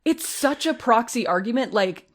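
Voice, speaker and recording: A woman's voice: fairly high pitch, lively intonation. A woman co-hosting a podcast, chatting casually and wryly while she recaps a movie and jokes along with the others. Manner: chatty and wry, quick to agree and add jokes. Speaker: podcast co-host.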